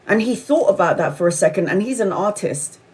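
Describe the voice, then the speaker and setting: A woman's voice: medium pitch, lively intonation, brisk, a little mellow, husky, poor audio. A tarot reader, a woman, telling a story casually with many restarts and fillers.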